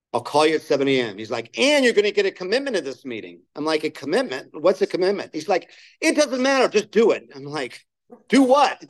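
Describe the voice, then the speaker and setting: A man's voice: medium pitch, low-quality recording. Man telling his recovery story. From Southern California. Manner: candid storytelling, acts out quoted dialogue. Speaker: main speaker at a recovery meeting. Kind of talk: personal recovery story shared at a meeting. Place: meeting room.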